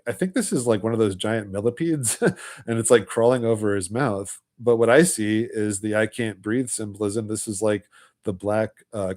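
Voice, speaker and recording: A man's voice: lowish voice, darkish tone. A man hosting a livestream, talking in a casual, rambling way, filling his talk with "you know" and "like" and chuckling between points. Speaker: livestream host.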